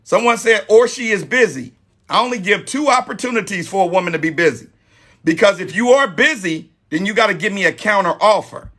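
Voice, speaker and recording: A man in his forties with a high, bright voice gives dating advice live. He talks emphatically and drives points home by repeating them. He sounds friendly and direct. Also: lively intonation, fairly quick. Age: 40s. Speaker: host.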